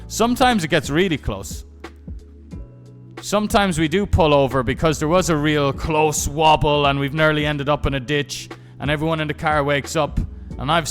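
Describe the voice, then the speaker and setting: A young man live-streaming, telling rambling, profane stories in casual chat and often restarting his sentences. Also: a little high.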